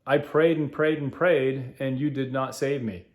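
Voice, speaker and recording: A man's voice: medium pitch, fairly even intonation, unhurried, lightly acted. A man voicing a stubborn praying man stranded on a roof, told in a spoken joke. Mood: insistent. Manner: insistent.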